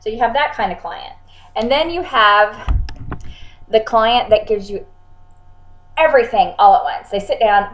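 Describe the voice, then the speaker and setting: A woman's voice: fairly high pitch, measured pace, pauses often, roomy sound, poor audio. A woman who works as a psychic channeler gives casual advice to clients, talking freely, repeating words and acting out what clients say. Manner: chatty, repeats words, acts out clients' lines.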